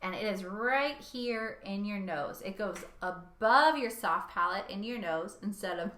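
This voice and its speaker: A young woman vocal coach giving a singing lesson, talking in a lively way and showing each sound with her own voice. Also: mid-range voice, a little slow, reverberant.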